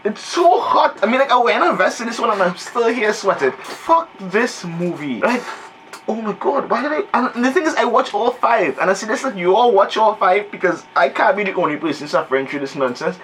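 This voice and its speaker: A man's voice: sits high, fairly bright tone, slight background noise, rough recording. A man in his thirties giving a comedic, profane, exasperated movie review rant. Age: 30s.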